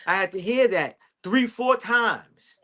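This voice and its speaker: A man ribs his co-host in a loose, casual conversation, laughing as he goes. His voice runs high for a man and jumps up and down constantly, full of animated, teasing energy. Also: slow. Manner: teasing, animated, laughs often, acts out quotes. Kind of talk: casual banter.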